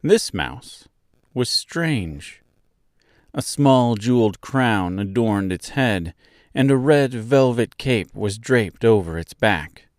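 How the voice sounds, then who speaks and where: Slow, expressive male storybook narrator. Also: on the low side, no echo, studio quality. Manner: measured, expressive reading. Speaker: audiobook narrator.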